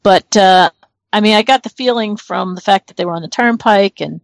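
A woman's voice: medium pitch, moderate pace, vocal fry, no echo. Chatty, rambling woman from New Jersey. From northern New Jersey. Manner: rambling, thinks aloud with many fillers. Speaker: podcast co-host. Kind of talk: casual chat.

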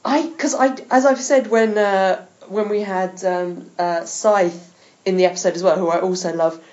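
A woman's voice: mid-range voice, steady tone, normal speed, darkish tone, highs cut off. A woman hosting a podcast, chatting with enthusiasm and laughing often. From England. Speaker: podcast host. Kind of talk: casual chat.

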